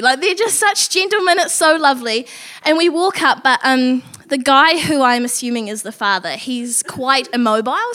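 Woman storyteller at a live show; high, bright, animated. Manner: animated, acts out her own and others' lines.

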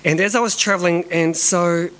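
A high, fairly evenly intoned male voice with a slightly bright quality, moving at a moderate pace over poor audio with slight background noise. The speaker, a middle-aged dance company director from New Zealand, tells a candid personal story full of swearing, sometimes sinking to a whisper.

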